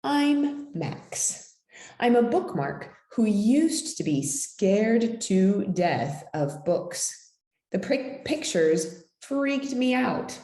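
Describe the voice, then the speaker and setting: A woman tells a children's story aloud, taking her time over each line. Her pitch swoops widely and dramatically as she reads. The recording carries a noticeable room echo. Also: very animated, extremely slow, dark tone. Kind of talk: expressive children's picture-book reading.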